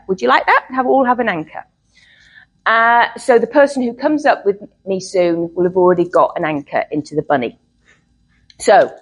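A woman's voice: mid-range voice, breathy edge, poor audio. A middle-aged woman, a therapist, teaching a live workshop to a group in a chatty way, often checking in with "okay?".

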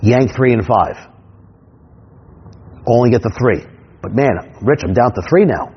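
A man's voice: mid-range voice, animated, measured pace, husky, dull audio. A man with a New York accent, a stage hypnotist teaching other performers, punchy and always checking in with the listener. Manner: punchy, keeps checking in with "right?" and acts out scenes. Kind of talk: instructional talk.

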